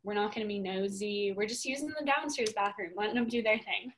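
A young woman co-hosting a podcast, telling a story in a casual, animated way and swearing a lot. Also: medium pitch, fairly quick, background noise. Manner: animated, profane, emphatic storytelling. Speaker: podcast co-host.

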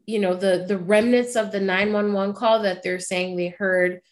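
A woman's voice: medium pitch, steady tone, moderate pace. A woman co-hosting a podcast, speaking emphatically and repeating her points in casual chat. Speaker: podcast co-host.

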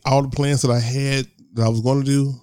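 A man's voice: mid-range voice, little pitch movement, brisk, mellow, clean tone, no room sound. A man co-hosting a podcast in casual chat, laid-back, swearing casually and laughing a lot. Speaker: podcast co-host.

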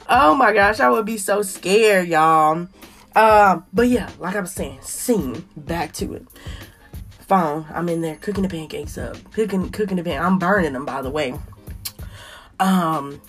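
A woman's voice: mid-range voice, a little slow, fairly bright tone, soft background music. A woman hosting her own podcast, with playful, chatty talk and story time aimed straight at her listeners. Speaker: podcast host. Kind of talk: casual chat and story time.

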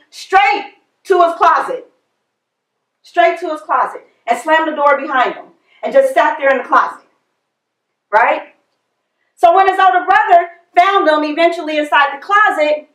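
A woman with a high voice preaches slowly, leaving space between her phrases. She repeats her words for emphasis. The sound is echoey, as if she is in a large room. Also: fairly bright tone. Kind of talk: sermon.

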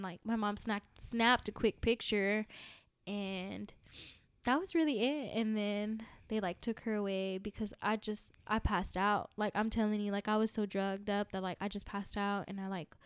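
A woman's voice: medium pitch, smooth, dry recording. Young woman telling a story emotionally. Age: young adult. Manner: emotional storytelling, filler-heavy. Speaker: podcast guest. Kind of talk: casual chat.

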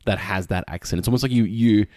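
A man's voice: lowish voice, fast, darkish tone, dry recording, studio quality. A young adult man with an Australian accent, co-hosting a podcast in easygoing casual banter, often laughing along. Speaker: podcast co-host. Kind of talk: casual chat.

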